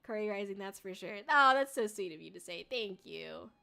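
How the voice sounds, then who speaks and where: Bright, bubbly young woman streamer. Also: mid-range voice, lively intonation, moderate pace, gravelly. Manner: bubbly, chatty, laughs often, swears casually; emotional, tearful when thanked. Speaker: VTuber streamer. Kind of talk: casual livestream chat reading viewer comments.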